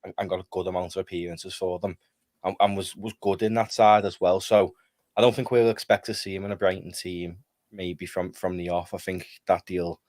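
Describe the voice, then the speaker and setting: A man's voice: low-pitched, steady tone, fairly quick, a little mellow, dry recording, clean studio sound. A man co-hosting a casual football chat, talking loosely and hesitantly as he thinks aloud. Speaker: co-host.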